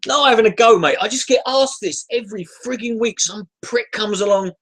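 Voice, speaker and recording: A man's voice: sits high, brisk, fairly bright tone. A man ranting at his chat in a casual, profane livestream, irritable and sighing, breaking off and restarting his sentences. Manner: irritable, sweary, restarts often, sighs. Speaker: YouTuber ranting on a live stream.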